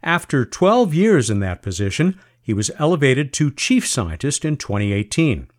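A man hosting a science radio interview, chatty and lively, with jokey asides. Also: medium pitch. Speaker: podcast host.

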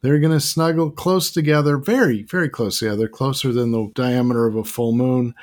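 A man's voice: mid-range voice, brisk, darkish tone. A man chatting on a radio show as its regular science guest, enthusiastic and playful. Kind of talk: casual radio chat.

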